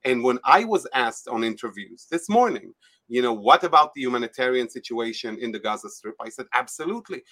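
A man's voice: mid-range voice, lively intonation, brisk, a bit bright. A man speaking as a guest in an interview, emotional and pleading, often restarting his sentences. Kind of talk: impassioned interview talk.

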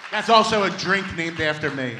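A man's voice: on the high side, animated, moderate pace, crowd noise, background noise. A man doing teasing, wisecracking banter on stage at a live comedy show.

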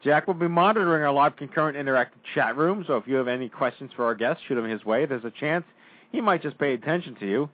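A man's voice: mid-range voice, quick pace, no room sound. Male talk-radio host, mid voice, teasing banter, lo-fi phone-band audio. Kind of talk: casual chat. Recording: tinny, dry phone-like audio.

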